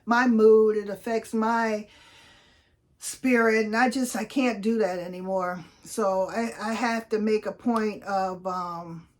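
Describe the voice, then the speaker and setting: A woman's voice: mid-range voice, steady tone, slow pace. A woman in her sixties, a vlogger telling everyday stories in a chatty, upbeat way and acting out the voices of people she quotes. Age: 60s. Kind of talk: casual storytelling vlog.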